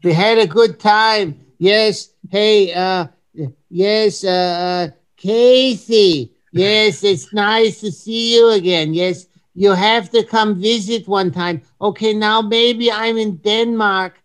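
A genial middle-aged German gentleman, as a man puts him on, speaking in a German accent with stiff, courteous phrasing. The voice sits well above the speaker's own and moves at an unhurried, deliberate pace. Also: sits high, fairly even intonation, smooth, pitched above the performer's own voice.

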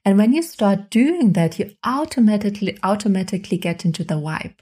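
A woman's voice: mid-range voice, very animated, a little fast, warm tone, slightly rough. A woman hosting a podcast, giving motivational self-help advice in an encouraging, repetitive way, speaking straight to the listener into a microphone. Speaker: podcast host. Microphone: studio microphone.

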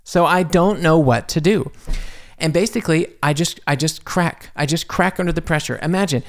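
Gravelly-voiced man telling a story. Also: fairly high pitch, moderate pace. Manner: animated, self-deprecating, many restarts. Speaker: podcast host. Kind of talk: casual storytelling. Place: home studio.

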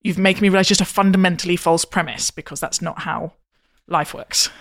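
A woman hosting a podcast, chatty and animated, given to long self-interrupting interjections. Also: lowish voice, fairly quick. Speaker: podcast host. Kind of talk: podcast conversation.

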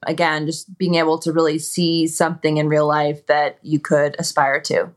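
Woman guest from minnesota, lowish voice, chatty, lots of "you know"s. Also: moderate pace. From Minnesota, USA. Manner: relaxed storytelling with many "you know" fillers and quoted asides. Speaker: guest, retired ski racer. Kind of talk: casual interview chat.

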